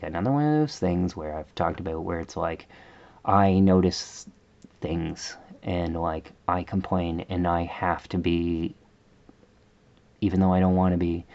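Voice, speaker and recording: A man's voice: deep voice, gravelly, a little mellow, lo-fi sound. A man vlogger telling a rambling, exasperated story in a casual rant, full of fillers.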